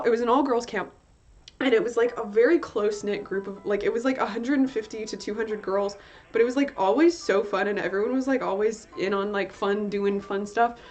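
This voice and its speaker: A woman's voice: on the high side, a little mellow. A young woman streaming, chatting casually with her viewers, rambling and giggling, swearing now and then. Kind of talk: casual chat while working. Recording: slightly dull lo-fi stream audio with faint music. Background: faint music.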